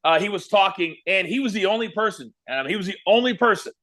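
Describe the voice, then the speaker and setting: Man, high voice, bright tone, lively storyteller, interview guest. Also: fast talker. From Kansas, USA. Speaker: guest, former wrestling broadcaster.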